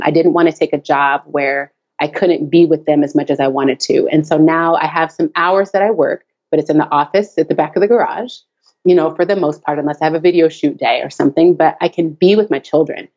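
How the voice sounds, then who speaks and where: A woman speaking from her home office about her work, animated and quick to laugh as she tells stories. Her voice sits on the low side, and the recording is dull and lo-fi, like a remote call. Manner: animated storyteller, laughs often, acts out her child's voice. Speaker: guest, tap dance teacher and course creator. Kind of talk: casual interview chat. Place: home office at the back of the garage.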